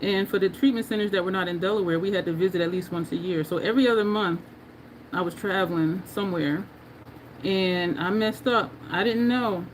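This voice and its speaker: Fairly quick and on the low side, this woman's voice comes with a little hiss or hum. She's a New Jerseyan with a New Jersey and New York accent who chats easily with her livestream audience, laughing often while she works on her makeup.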